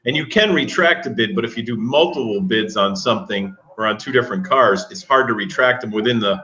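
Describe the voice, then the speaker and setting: A man's voice: fairly low pitch, a little fast, sharp tone. A man hosting a casual live stream, easygoing, chuckling and thinking aloud as he talks. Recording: dull lo-fi stream audio.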